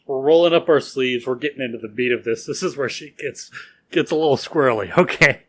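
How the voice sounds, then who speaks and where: A man's voice: medium pitch, fairly quick, a bit bright. A man co-hosting a podcast, telling a history story in a casual way, laughing often and using loose fillers. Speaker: podcast co-host.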